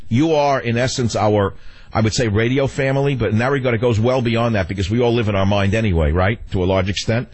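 A man's voice: fairly low pitch, fast talker, a little mellow, breathy edge, no echo. An older man hosting a talk radio show, rambling wryly and cracking jokes at a studio microphone. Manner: rambling, wry and joking. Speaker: radio host.

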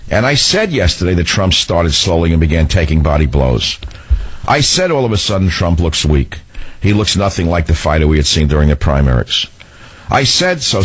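A man's voice: deep voice, breathy edge. An older man hosting a talk radio show, delivering a combative, sarcastic, rambling monologue.

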